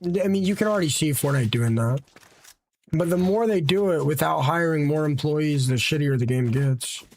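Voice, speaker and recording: A man's voice: fairly high pitch, normal speed. A young man streams a game live, talking in a slightly raised register. He chats loosely with viewers and swears freely, over a faint hiss with clicks behind him. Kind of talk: live gameplay commentary.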